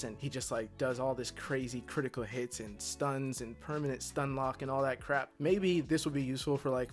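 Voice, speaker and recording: Regular guy, mid pitch, rambling casual game talk, blunt and eager, quiet music under it. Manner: chatty, filler-heavy, candid opinions; gets excited about strategy. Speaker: game guide creator.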